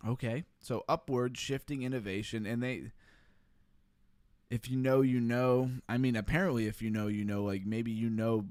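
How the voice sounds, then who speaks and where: A man of middle pitch hosts a relaxed livestream. He laughs a lot and reads comments from his chat out loud. His voice sounds close and dry, with no room around it. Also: moderate pace, no room sound. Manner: laughing often, reading chat aloud. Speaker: livestream host.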